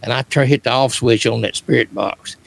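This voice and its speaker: A man's voice: mid-range voice, brisk, gravelly, low-quality recording. An older man, a paranormal researcher, rambling through personal stories with many fillers and restarts. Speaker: guest, author and paranormal researcher. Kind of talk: casual storytelling.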